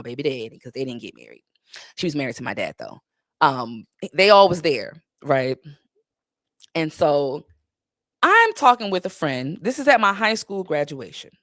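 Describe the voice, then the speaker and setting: Blunt, candid woman with a low voice. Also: fairly bright tone, no echo, studio quality. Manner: blunt, candid, profane, laughs often. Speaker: livestream host. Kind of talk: casual livestream Q&A.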